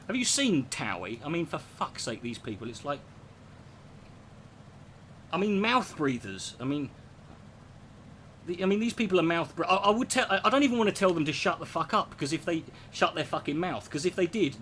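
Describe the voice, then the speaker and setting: A man's voice: fairly high pitch, sing-song, normal speed, a bit bright, a little hiss or hum. A man performing a stand-up comedy routine, rambling and profane, slipping into impressions.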